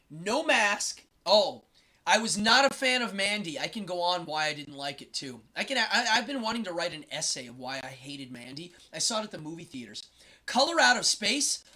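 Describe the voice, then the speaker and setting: A man's voice: a little high, pushed and bright. A man hosting a casual live stream, chatting and rambling with strong opinions. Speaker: host.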